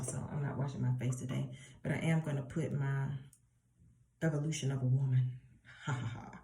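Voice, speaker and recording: Woman, casual Bible teacher, deep dark tone, lively storytelling, roomy sound. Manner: animated storytelling, addresses listeners as y'all. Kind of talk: casual preaching. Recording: roomy echo.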